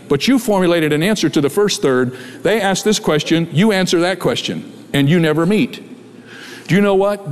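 Middle-aged male pastor, somewhat high voice, measured sermon delivery, reverb-heavy sanctuary sound. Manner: measured preaching with rhetorical questions. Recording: long hall reverb.

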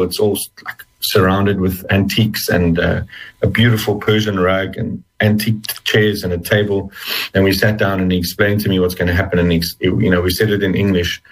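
Brief: male interview guest, deep husky voice, halting earnest testimony. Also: poor audio. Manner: hesitant, many restarts, earnest. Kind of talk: personal testimony in conversation.

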